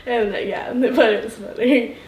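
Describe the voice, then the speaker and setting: A woman's voice: a little high, fairly even intonation, normal speed, a little mellow, reverberant. A young woman recalling a school memory in a documentary interview, giggling bashfully. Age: young adult.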